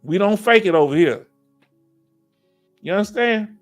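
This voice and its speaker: Animated Southern man hosting a live stream. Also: high voice, measured pace, faint music behind. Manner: animated, preachy, keeps asking "you understand?". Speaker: veteran live-stream host. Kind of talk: casual live-stream chat reading comments.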